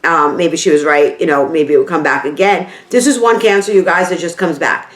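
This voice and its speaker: A woman's voice: sits low, fairly quick. Heartfelt New York woman in an echoey room. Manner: heartfelt, rambling, repeats herself for emphasis. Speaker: beauty vlogger. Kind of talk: emotional casual talk to camera.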